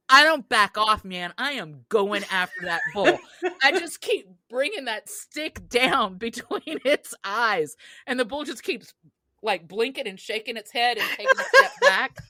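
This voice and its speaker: A woman co-hosting a podcast, telling a childhood story in an animated way, laughing often and shouting out quoted lines. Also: a little high, no echo. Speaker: podcast co-host.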